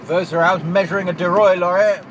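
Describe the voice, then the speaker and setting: A man's voice: high-pitched, fairly even intonation, a little fast. A man with an English accent, a truck driver vlogging from his cab, dry and sarcastic, grumbling to himself as he drives. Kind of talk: casual driving vlog. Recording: loud engine and road noise. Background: truck engine and traffic.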